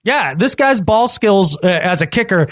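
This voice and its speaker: A high-pitched man co-hosts a casual sports podcast. He talks with emphatic, animated energy and doubles back on his words as he gets excited. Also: moderate pace, dry recording, clean studio sound. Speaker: podcast co-host.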